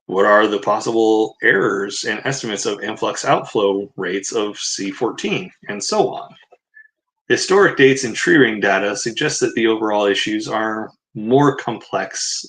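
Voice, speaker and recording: A man with a fairly low, fairly bright voice takes his time, reading book passages and answering them with mocking, sarcastic rebuttals. The casual commentary drifts into rambling asides, heard on a rough recording.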